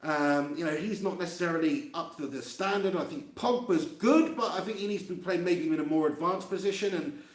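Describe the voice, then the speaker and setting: In an echoey empty room, a man hosts a live fan reaction stream for his fan channel, his voice fairly high and brisk. He chats casually, laughs a lot and reads out comments from viewers, speaking into a handheld mic held near his face.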